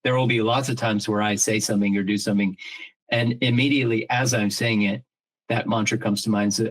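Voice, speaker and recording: Fairly quick and fairly even in intonation, this lowish male voice belongs to a middle-aged podcast co-host on a rough recording. He chats casually and earnestly, reflecting aloud, restarting often and swearing casually now and then.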